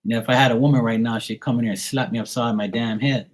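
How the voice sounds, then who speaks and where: A man's voice: medium pitch, steady tone, fast. A middle-aged man reading tarot on a live stream, chatting casually and bantering playfully with viewers in the chat.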